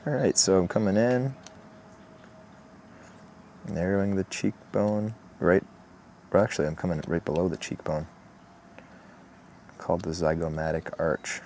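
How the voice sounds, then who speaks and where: Deep-voiced man teaching woodcarving. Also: a little slow, long pauses, slight background noise. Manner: relaxed, chatty, with asides. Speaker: woodcarving instructor. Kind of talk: step-by-step tutorial narration. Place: outdoors in the morning.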